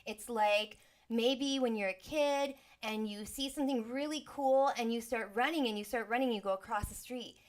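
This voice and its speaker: A woman, a sound healer, explaining energy and the mind in a relaxed, chatty teaching talk, now and then acting out inner voices with sighs and exclamations. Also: fairly high pitch, moderate pace.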